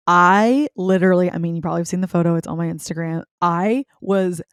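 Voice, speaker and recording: Young woman podcast host, lower pitch, casual and animated storyteller, dry close mic. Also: quick pace, clear, resonant tone, no room sound. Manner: chatty, animated, filler-heavy with frequent "like".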